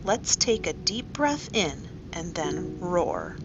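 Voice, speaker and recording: A woman leading a guided story meditation for children, slow and soothing, often asking the listener questions. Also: on the low side, big pitch swings, loud music behind the voice. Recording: dull lo-fi recording.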